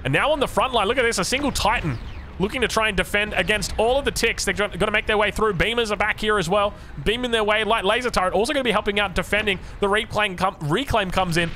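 Fast-talking bright Australian man caster. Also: high-pitched, slight background noise. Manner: chatty, rambling asides, frequent restarts. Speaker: game caster. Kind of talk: casual game commentary.

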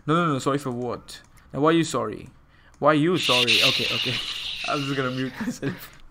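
A man hosts a livestream and banters casually with friends over voice chat, chatty and quick to laugh at himself. His voice sits at a middling pitch. The headset mic is held very close to his mouth. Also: animated, creaky, noisy background. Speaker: stream host.

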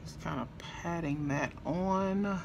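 Slow, gravelly, playful makeup vlogger. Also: medium pitch, noisy background. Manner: chatty and playful, talks to viewers as y'all, chuckles. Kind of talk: casual makeup tutorial chat.

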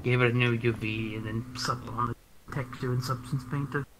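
A man's voice: mid-range voice, steady tone, a little fast. Hesitant, plain-spoken guy on a noisy, clicky mic line. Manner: hesitant, restarts, explains plainly. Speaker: 3D world creator. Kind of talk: casual chat.

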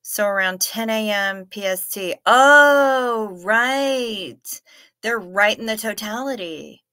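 A woman's voice: medium pitch, lively intonation, pushed and bright, smooth. A woman hosting a casual livestream, reading viewers' comments aloud and teasing them playfully, often laughing and trailing off mid-thought. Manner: trails off and restarts, unhurried. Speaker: livestream host.

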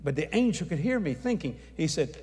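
A man preaching a sermon, telling his story in a folksy, animated way. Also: on the high side, fairly quick. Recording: reverberant hall.

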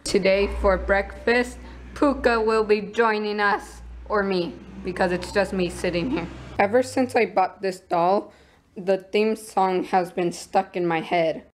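A woman's voice: medium pitch, steady tone, rough recording. A young woman chatting casually in a vlog at her market stall, giggling often. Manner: chatty and giggly, slow-paced. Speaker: vlogger.

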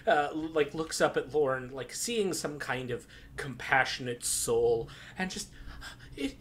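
Lively game master with a halting delivery. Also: male voice, mid-range voice, slight background noise. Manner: laughing, halting, stumbles over words. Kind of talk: narrating a tabletop game.

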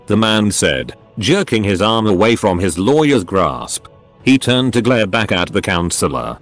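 A man narrating a story in a steady reading voice. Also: lowish voice, measured pace, soft background music.

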